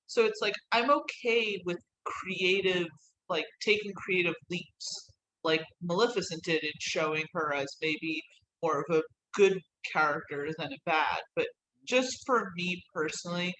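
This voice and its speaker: Woman co-host, slightly low voice. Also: a little slow, fairly bright tone, a little hiss or hum, rough recording. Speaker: podcast co-host reviewing a film. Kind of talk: casual spoken review.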